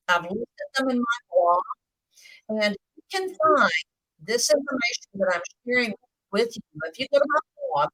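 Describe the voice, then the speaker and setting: A woman giving a live video Bible teaching, speaking slowly and deliberately, with the occasional hiccup. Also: fairly high pitch, no room sound, low-quality recording. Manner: slow, deliberate, lively intonation.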